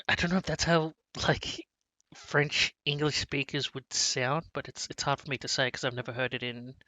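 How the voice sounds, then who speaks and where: A man's voice: medium pitch, bright, forceful tone, dry recording. A man co-hosting a casual movie review chat, rambling with many restarts and fillers. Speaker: podcast co-host.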